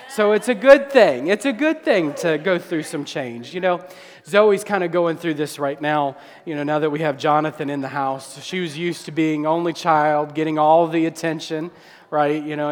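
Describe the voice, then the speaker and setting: A man in his thirties preaching a sermon to his church congregation, animated and joking with the crowd. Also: on the high side. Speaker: pastor. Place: church sanctuary. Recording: long hall reverb.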